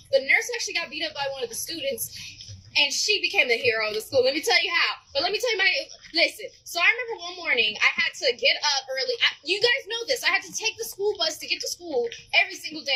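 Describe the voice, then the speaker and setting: A woman telling a school story casually, speaking straight to her listeners in an animated way. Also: very high-pitched, low-quality recording. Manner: animated, addresses listeners directly.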